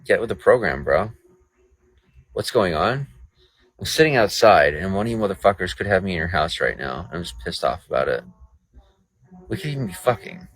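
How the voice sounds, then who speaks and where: A man's voice: sits low, big pitch swings, moderate pace, long pauses, fairly bright tone, husky, no room sound, poor audio. A man live-streaming outdoors at night in the rain, ranting in a profane and sarcastic way to his chat. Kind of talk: late-night livestream rant.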